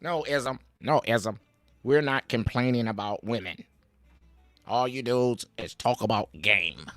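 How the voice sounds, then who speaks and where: A man hosting a livestream, ranting in casual street slang, preachy and animated, with frequent repeats. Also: medium pitch, unhurried, dry recording, faint music behind. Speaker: livestream host.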